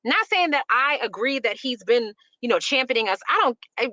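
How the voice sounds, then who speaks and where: A woman's voice: on the high side, expressive, a little fast, bright, forceful tone, dry recording, highs cut off. A woman from Chicago hosting an opinionated commentary show, emphatic and rambling with lots of fillers. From Chicago, USA. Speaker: host.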